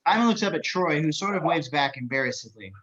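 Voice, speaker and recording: A man reading stage directions as narrator, brisk and matter-of-fact. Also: on the high side, animated, muffled recording, crowd noise.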